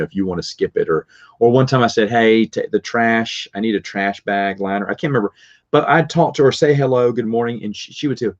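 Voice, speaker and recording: A middle-aged man telling rambling stories with restarts and little chuckles. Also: fairly low pitch. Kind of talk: casual storytelling. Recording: dull lo-fi recording.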